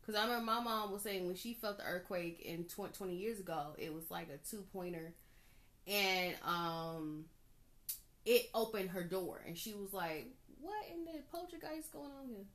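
Bright-voiced chatty woman podcaster. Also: on the low side, moderate pace. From Georgia, US. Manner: chatty, animated, laughs often. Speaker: podcast host. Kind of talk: casual solo podcast talk.

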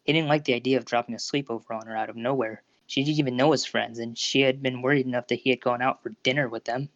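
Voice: medium pitch, fairly even intonation, fast talker, no room sound. Dull lo-fi fan fiction narrator. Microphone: Discord voice call recording. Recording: dull lo-fi Discord audio.

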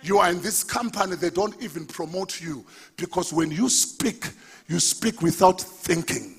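Pastor, male, sermon; high, very lively delivery, shouts to the congregation. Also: moderate pace, vocal fry, breathy edge. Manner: preaching, rising to shouts, asking the congregation for responses.

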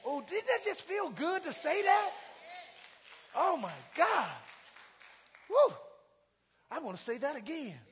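A man pastor preaching a sermon in a church, leading call-and-response and rising to shouts. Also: extremely high pitch, sing-song, normal speed, some chatter behind, a little hiss or hum. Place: church sanctuary. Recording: long hall reverb.

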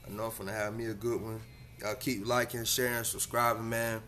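A man's voice: lowish voice, little pitch movement, brisk, pushed and bright. A man hosting his own podcast in a casual solo monologue, talking in a laid-back, slang-heavy way and pressing his advice with emphasis. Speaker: podcast host.

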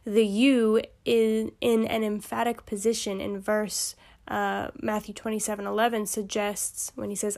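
A woman hosting a Bible study podcast, reading passages steadily and breaking into chatty, amused asides. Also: medium pitch.

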